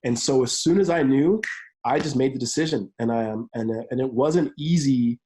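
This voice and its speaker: A man in his thirties, a football coach and pastor, telling his story in an energetic interview, speeding up in quick bursts. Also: medium pitch, slight background noise, low-quality recording. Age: 30s. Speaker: college football analyst and pastor. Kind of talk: remote interview.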